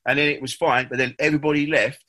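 Bloke spinning a story, acts out all the quotes, bright voice. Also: male voice, mid-range voice, fast. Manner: animated anecdote telling, acting out quotes. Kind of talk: casual chat.

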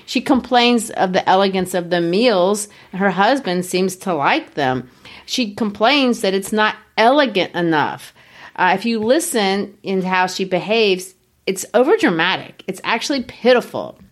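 A woman teaching a literature lesson, analyzing a story in a conversational, emphatic way. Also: mid-range voice. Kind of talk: literature lecture.

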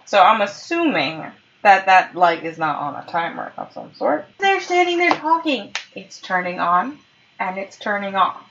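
A woman's voice: medium pitch, sing-song, unhurried, creaky, fairly bright tone, lo-fi sound, slight background noise. A woman co-hosting a casual chat podcast, animatedly retelling scenes from a show and laughing often. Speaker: podcast co-host. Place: at home on a couch.

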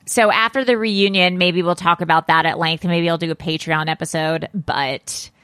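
A woman co-hosting a podcast, chatting casually about celebrity gossip and reacting with quick exclamations. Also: lowish voice, fairly even intonation, a bit bright, clear, resonant tone, no echo, clean studio sound. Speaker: podcast co-host.

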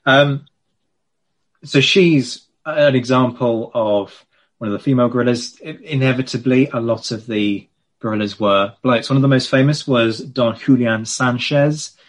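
A man's voice: medium pitch, measured pace. A man, a former teacher, co-hosting a casual history chat, explaining in a lecturing tone with fillers. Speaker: podcast co-host, former teacher.

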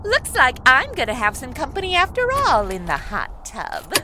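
A woman's voice: high-pitched, wildly swooping pitch, normal speed, background noise. A woman playing a flirty scheming younger sister. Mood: teasing. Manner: teasing, suggestive.

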